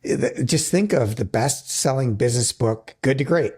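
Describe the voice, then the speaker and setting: A man's voice: mid-range voice, expressive, moderate pace, mellow, breathy edge. A man hosting a podcast, teasing his guest in casual chat and laughing easily. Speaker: podcast host. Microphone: podcast microphone.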